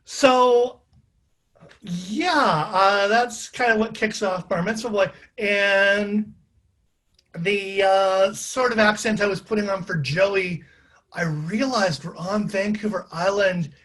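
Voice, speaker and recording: A chatty man speaking casually to a live audience, with self-deprecating asides and frequent fillers. His voice is husky and sits a little high for a man. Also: fairly even intonation, takes it slowly, fairly bright tone. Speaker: author and playwright.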